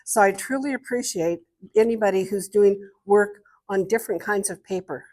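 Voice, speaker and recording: An older woman and guest artist speaking to an art club, telling lively stories and showing objects as she talks. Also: medium pitch, normal speed. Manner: lively storyteller, showing objects while talking. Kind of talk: storytelling talk to an art club.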